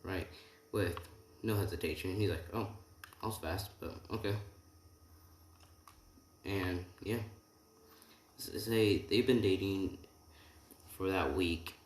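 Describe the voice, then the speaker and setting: A man's voice: low voice, reverberant. A young man casually making up and retelling a fan story, rambling with many restarts and asides. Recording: faint background noise.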